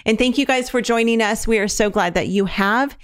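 A woman's voice: a little high, brisk, clear, resonant tone. A woman in her thirties hosting a podcast, chatting fondly with her daughter and laughing often. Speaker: podcast host. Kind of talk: casual podcast chat.

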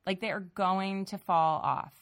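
A woman's voice: mid-range voice, fairly even intonation, a little slow, a bit bright. Self-deprecating woman podcast host. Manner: self-deprecating, searching, thinking aloud. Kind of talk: casual conversation.

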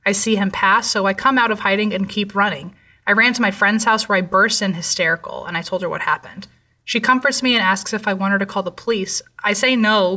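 A woman narrating a true horror story in a measured, somber way. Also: mid-range voice, pushed and bright, far from the mic.

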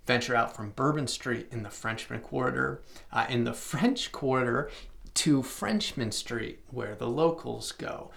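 Gravelly-voiced man hosting a travel podcast. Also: mid-range voice, fairly bright tone. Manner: chatty, filler-heavy, with self-aware plugs and asides. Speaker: podcast host. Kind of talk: casual travel podcast talk.

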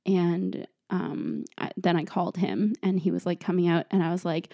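A woman's voice: lowish voice, level tone, normal speed, few pauses, mellow, no echo, studio quality. A young woman hosting her show, telling a story casually with lots of "like" fillers and frequent laughs. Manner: chatty, full of "like" fillers, laughs often. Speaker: host.

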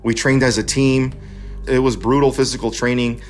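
A man's voice: mid-range voice, flat delivery, normal speed, faint music behind. A man in his forties from California, earnestly telling a personal story in a plain, conversational way.

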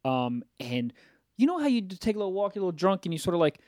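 A young man with a slightly higher voice tells crude dating stories, swearing and breaking into little impressions. The sound is close and dry, with no room around it. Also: fast talker, no room sound. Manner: profane, animated storytelling with impressions. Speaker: podcast co-host. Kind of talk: casual chat.

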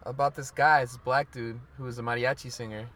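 A man's voice: medium pitch, fairly even intonation, a little fast, a bit bright, a little hiss or hum. Laid-back young man, podcast host. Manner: laid-back, laughs often, filler "like". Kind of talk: casual chat.

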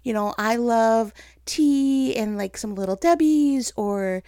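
A woman's voice: fairly high pitch, slow pace, no echo, studio quality. A woman hosting a casual faith-based chat, telling stories with animation and teasing herself as she goes. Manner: animated storytelling, acting out her own thoughts in voices; self-teasing and chatty.

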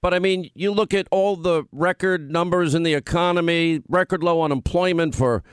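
A man's voice: a little high, normal speed, smooth, no echo. A middle-aged man hosting a political talk radio show, emphatic and scoffing as he argues his point into a studio microphone. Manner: emphatic, scoffing, mocks opponents.

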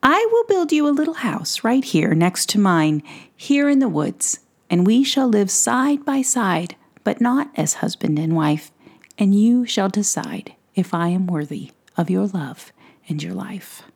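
A woman voicing a kind, courteous widowed woodsman in a soft whispered role-play. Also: medium pitch, big pitch swings, a little slow, creaky, heavily acted. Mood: earnest. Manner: gentle, courteous, earnest. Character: kind widowed woodsman, gentle middle-aged man.

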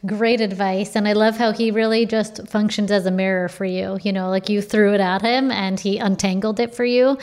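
A woman's voice: medium pitch, level tone, normal speed, hardly any pauses, a little mellow, smooth. A woman hosting a casual interview, asking questions and encouraging her guest. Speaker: podcast host.

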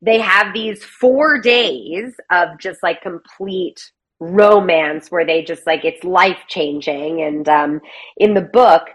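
A woman guest, a playwright and actor, chatting casually and animatedly, slipping into quick character voices as she retells a story. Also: fairly low pitch, rough recording. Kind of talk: casual conversational interview.

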